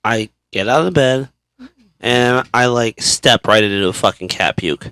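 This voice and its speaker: A man's voice: mid-range voice, normal speed, no echo. A man in his thirties from Kansas, co-hosting a podcast in casual chat, telling stories with lots of swearing and laughter. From Kansas, USA. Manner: animated storytelling, swears a lot, laughs often. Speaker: podcast co-host.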